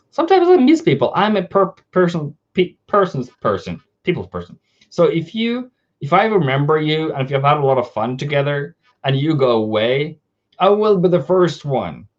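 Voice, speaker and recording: A man's voice: on the high side, lively intonation, normal speed. A man hosting a live forex trading stream, talking casually through charts, often cutting himself off and greeting viewers. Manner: chatty, self-interrupting, reads viewer comments aloud. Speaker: forex trading livestream host. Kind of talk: live market analysis chat. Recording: slightly dull lo-fi stream audio.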